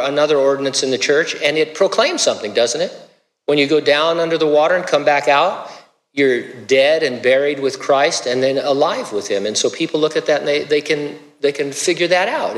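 A man's voice: a little high, animated, brisk. Casual-sounding male preacher in a reverberant hall. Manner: casual, conversational preaching with stammered restarts. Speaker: pastor. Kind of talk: sermon.

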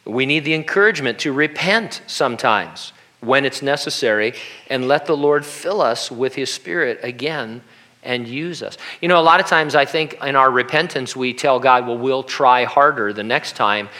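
A man preaches a sermon with a bright, forceful voice. He keeps it conversational, slipping into humorous asides and acting out the lines he quotes. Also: mid-range voice, normal speed. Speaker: pastor.

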